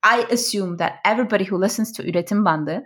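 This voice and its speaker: A woman's voice: medium pitch, quick pace, a bit bright. A woman guest on a podcast explaining ideas in a conversational way, thinking aloud with fillers, restarts and frequent "right?" checks. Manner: restarts and self-corrections. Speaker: podcast guest, product expert.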